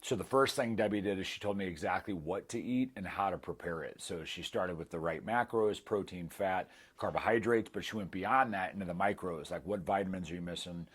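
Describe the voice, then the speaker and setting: Man in his thirties, low husky voice, candid testimonial with self-deprecating humor. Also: fairly quick, hardly any pauses. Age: 30s. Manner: candid, self-mocking, acts out quoted dialogue. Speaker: former client giving a testimonial. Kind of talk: casual storytelling testimonial.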